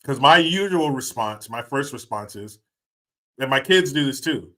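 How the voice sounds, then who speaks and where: Bright-voiced joking man streaming live. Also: medium pitch, lively intonation, moderate pace. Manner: laughing, joking, swearing freely. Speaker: livestream host. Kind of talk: casual chat with live chat viewers.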